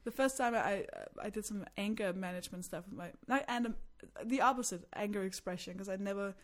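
Casting: woman comic, lively storyteller, candid chat. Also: medium pitch, fast talker. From Denmark. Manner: animated storyteller, acts out quotes, frequent laughs. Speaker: stand-up comedian, guest.

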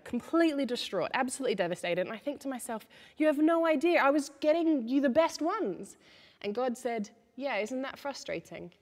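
Woman preaching in a reverberant church. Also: mid-range voice. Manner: warm storytelling with self-deprecating laughs. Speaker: children's ministry leader giving a sermon. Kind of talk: sermon. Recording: long reverb of a church hall.

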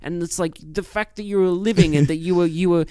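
A young man riffing through a casual movie review with a fairly high, smooth and crisp voice. His delivery is animated and loose, with swearing and laughter. The sound is dry and close. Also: fairly quick, dry recording. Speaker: podcast co-host.

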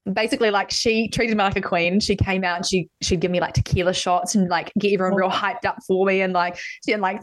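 A woman hosting a podcast, chatting candidly and swearing freely as she tells personal stories. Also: mid-range voice. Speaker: podcast host. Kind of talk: casual podcast chat.

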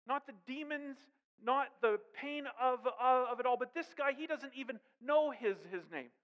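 A man with a high voice delivers a lively sermon, tossing in jokes and questions to his listeners. His voice rings with a long reverb, as if recorded in a big hall. The sound is dull and muffled. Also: normal speed. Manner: animated preaching with asides and humor. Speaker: pastor.

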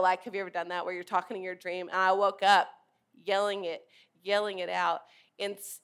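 A woman's voice: fairly low pitch, fairly bright tone. A woman preaching a sermon in an earnest, emphatic way, leading her listeners to repeat words back to her. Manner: earnest, emphatic, leads the congregation in call-and-response.

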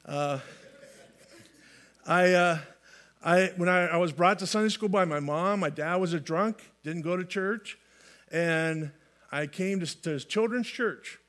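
A man's voice: high voice, measured pace, long pauses, fairly bright tone. A man from California preaching a sermon in a folksy way, often restarting phrases and adding light humor. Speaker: pastor.

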